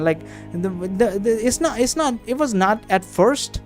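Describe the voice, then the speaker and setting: A man with a high-pitched voice reads a text adventure game aloud, often stumbling and correcting himself. He breaks off into blunt, profane commentary. Soft music plays in the background. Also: unhurried. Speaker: game streamer. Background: faint background music.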